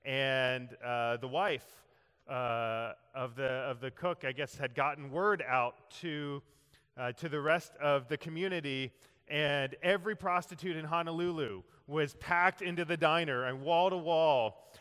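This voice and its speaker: Bright-voiced preacher in a reverberant hall. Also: male voice, fairly high pitch, a little slow, clean tone. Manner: animated storyteller who acts out quoted voices. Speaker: pastor. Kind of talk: sermon storytelling. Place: church sanctuary. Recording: long reverb of a large hall.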